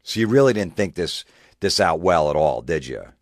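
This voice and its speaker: A man's voice: low-pitched, sing-song, normal speed, dry recording, studio quality. A male comedian ranting sarcastically, mocking and swearing. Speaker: comedian host. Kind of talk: comedic rant.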